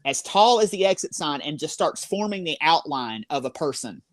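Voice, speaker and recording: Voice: mid-range voice, expressive, normal speed, a crowd in the background. A paranormal investigator guest telling a ghost story in a podcast interview with awe, many fillers and restarts. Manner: filler-heavy, awed storytelling.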